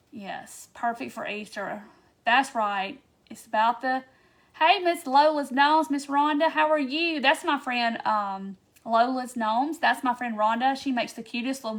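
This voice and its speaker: A woman's voice: a little high, a bit bright. A chatty woman hosts a casual craft tutorial livestream and answers viewer comments as she goes.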